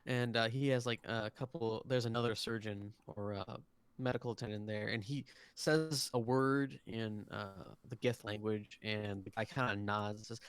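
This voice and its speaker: Rambling game master with a smooth voice. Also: male voice, on the low side, steady tone, normal speed, dry recording. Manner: rambling, many fillers and restarts. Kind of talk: narrating a tabletop game. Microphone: close desk mic, online stream.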